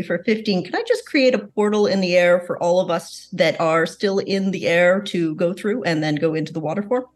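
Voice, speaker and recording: A woman playing in a tabletop game, playful and quick to laugh. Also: lowish voice. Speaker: player.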